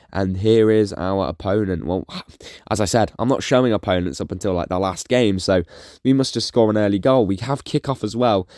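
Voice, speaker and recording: A man giving casual, self-mocking commentary over his own football game, getting excited at goals. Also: lowish voice, clear, resonant tone, dry recording, studio quality. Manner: chatty, self-mocking, excitable when scoring. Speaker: gaming YouTuber.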